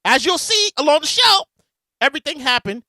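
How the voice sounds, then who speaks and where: A man hosting his podcast, telling stories in a loud, animated casual monologue. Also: very high-pitched, a little fast, no room sound, studio quality. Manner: animated, loud storytelling with bursts of shouting. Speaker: podcast host. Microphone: podcast mic with a soundboard.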